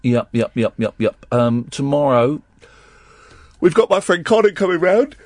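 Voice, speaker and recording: A male radio host talks casually on air, rambling and restarting his sentences. His pitch swings lively up and down, and the sound is close and dry with no room echo. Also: a little slow. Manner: rambling, chatty, full of restarts.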